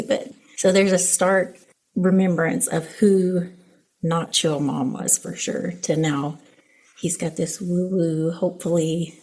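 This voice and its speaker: A woman's voice: lowish voice, fairly even intonation, a little slow, a little mellow, husky. A mother from the Southern United States, talking candidly and with self-deprecating humor about her son in a podcast conversation.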